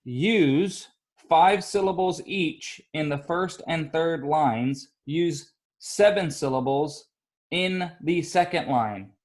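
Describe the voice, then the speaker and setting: A male elementary school teacher leading a class of young children, upbeat and encouraging, sounding out syllables slowly. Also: on the high side.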